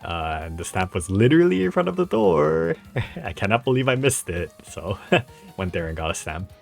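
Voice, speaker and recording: A man's voice: medium pitch, big pitch swings, moderate pace, creaky, soft background music. A young man telling a rambling, laughing story over his travel photos in a casual vlog, full of fillers and restarts. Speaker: travel vlogger.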